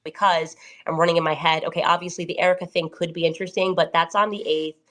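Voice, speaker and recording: A woman with a low voice chatting as a podcast guest. She thinks out loud, pausing and hedging with fillers as she goes. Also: flat delivery. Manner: thinking aloud, hesitant with fillers. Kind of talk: casual talk.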